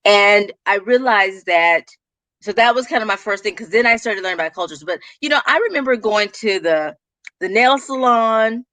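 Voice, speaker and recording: A woman with a Texas accent and a medium-pitched voice is a guest in a casual interview about her business. Speaking at a moderate pace with no echo, she tells animated stories and laughs often.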